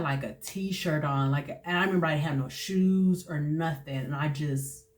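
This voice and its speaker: A young woman speaks in a personal testimony monologue. She talks haltingly, with frequent fillers and restarts. Her emotion shows as her voice drops at times. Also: low voice. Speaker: host sharing personal testimony.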